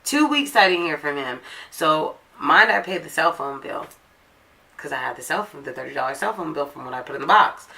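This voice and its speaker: A woman's voice: low-pitched, expressive, brisk, gravelly, pushed and bright. A woman vlogger chatting through a personal story in a casual, blunt, profane way.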